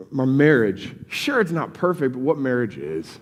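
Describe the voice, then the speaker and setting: A man's voice: mid-range voice, very animated, moderate pace, hardly any pauses. Preaching man in a reverberant hall. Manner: conversational, repeats words when starting sentences. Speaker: pastor. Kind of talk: sermon. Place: church sanctuary.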